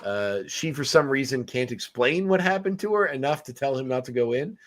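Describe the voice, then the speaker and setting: A man's voice: medium pitch, lively intonation, fairly quick, slight background noise. A man hosting a podcast, casually recapping a film with many fillers and restarts. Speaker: podcast host. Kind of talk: casual movie review chat.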